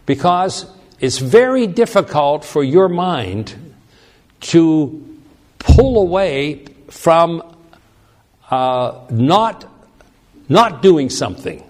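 A man delivers a bible teaching sermon in a slightly higher voice. He speaks slowly and deliberately, reading verses aloud and then unpacking them. He often restarts his phrases as he goes. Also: big pitch swings. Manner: unhurried, reads scripture aloud then explains, frequent restarts. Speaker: preacher.

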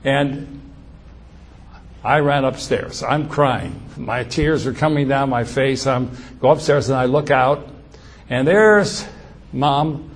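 Older male storyteller, husky, earnest, mid-pitched, spinning a childhood story. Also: slow pace. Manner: earnest, animated retelling with acted quotes. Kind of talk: personal storytelling.

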